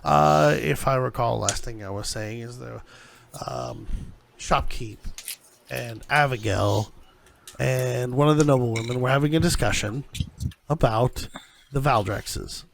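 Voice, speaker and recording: A man narrating a tabletop game as game master from his home office, halting and full of fillers. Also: mid-range voice, creaky, slight background noise.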